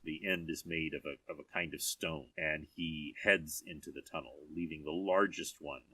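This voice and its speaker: A man's voice: rumbling low, steady tone, moderate pace, pushed and bright, slightly rough, no room sound, far from the mic. A man narrating a tabletop game as game master, telling the scene in vivid descriptive detail.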